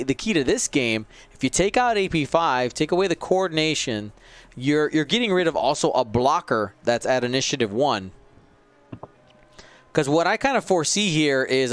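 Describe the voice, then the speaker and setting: A man with a slightly high voice gives play-by-play commentary on a tabletop miniatures game, calling shots, explaining the rules, and tossing in the occasional wry aside, with no room sound.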